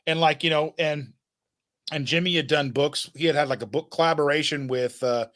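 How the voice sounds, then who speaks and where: Male podcast host, slightly high voice, loose and rambling, lots of "like" and restarts. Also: steady tone, normal speed, a bit bright. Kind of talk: casual chat.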